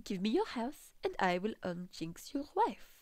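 A woman voicing a sly, soft-spoken demon seductress. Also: a little high, big pitch swings, a little slow, dry recording, studio quality.

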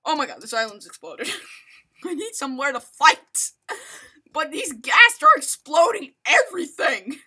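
Woman, game commentary host, rambling and self-mocking, lively sing-song range. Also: high voice, moderate pace. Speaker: gaming channel host. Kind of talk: live gameplay commentary.

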